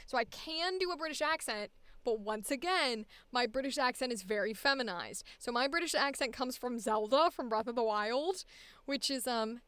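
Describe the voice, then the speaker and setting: A woman's voice: a little high, expressive, moderate pace, fairly bright tone, clean tone, no room sound. A woman voice actor chatting casually on a livestream, rambling with many fillers and restarts. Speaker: voice actor streamer.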